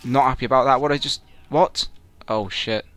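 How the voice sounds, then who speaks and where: A young man commenting on his own gameplay, excitable and swearing loudly whenever things go wrong. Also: mid-range voice, moderate pace. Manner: excitable, yelling and swearing at the game. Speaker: gamer. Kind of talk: let's play commentary.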